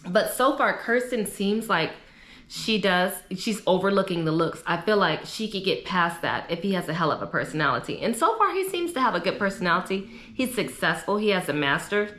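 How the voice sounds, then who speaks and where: A woman's voice: mid-range voice, brisk. Young woman, chatty opinionated recap vlogger, echoey room. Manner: chatty, opinionated, animated asides. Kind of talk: casual chat.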